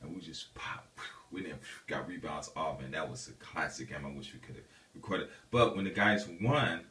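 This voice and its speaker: Recorded from a distance, a man with a very deep, low register shares a personal story with his viewers as a vlogger. His telling is casual and animated, wandering and restarting, padded with "um" and "you know."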